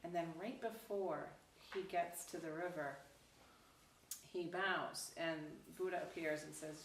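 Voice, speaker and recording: A woman Zen teacher tells a teaching story in a casual, animated way, slipping into quoted voices. Her voice sits a little low and comes from away from the mic in a roomy hall, with faint background noise. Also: unhurried, distant mic. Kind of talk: dharma talk storytelling.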